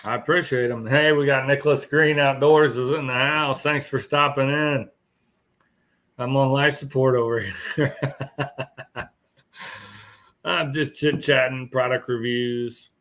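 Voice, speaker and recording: A man's voice: mid-range voice, fairly bright tone. A tired man hosting a casual live stream chat, rambling and chuckling as he greets viewers. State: tired, yawning.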